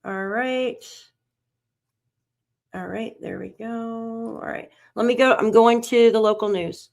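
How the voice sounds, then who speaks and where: A woman's voice: on the high side, fairly even intonation, slow pace, vocal fry. Shaken woman livestreamer. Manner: anxious, breathless, talking to herself while searching. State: shaken, on edge. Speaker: livestream host covering a missing child case. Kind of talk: live-stream commentary.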